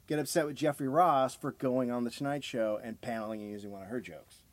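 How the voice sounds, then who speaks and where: A man's voice: medium pitch, brisk, dry recording. A man co-hosting a comedy podcast, teasing and firing incredulous questions in casual chat. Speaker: podcast co-host.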